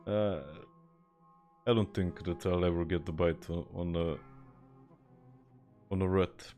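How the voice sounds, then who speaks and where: Deep-voiced Serbian-accented man streaming games. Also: fairly even intonation, takes it slowly, dark tone, soft background music. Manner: laid-back, swears, chuckles, answers chat. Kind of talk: casual live-stream chat while gaming.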